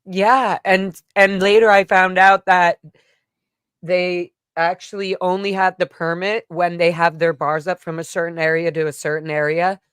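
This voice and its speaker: Smooth-voiced woman telling a personal story. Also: on the low side, flat delivery, normal speed, a bit bright, no room sound, clean studio sound. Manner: rambling, emotional retelling with frequent "like" fillers. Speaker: vlogger recounting a personal event. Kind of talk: casual storytelling to camera.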